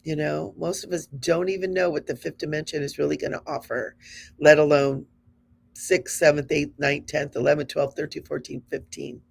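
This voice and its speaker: A woman's voice: sits low, little pitch movement, normal speed, gravelly, breathy edge. A woman in her fifties hosting a spiritual show, talking to her audience in an earnest, encouraging, conversational way. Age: 50s.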